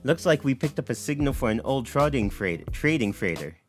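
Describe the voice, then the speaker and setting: A woman with a put-on accent reads out scan results in a clipped, matter-of-fact way, as a man voices her. Her voice sits a little higher than his own. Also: sing-song, brisk, soft background music, lightly acted. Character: female ship computer voice with a put-on accent.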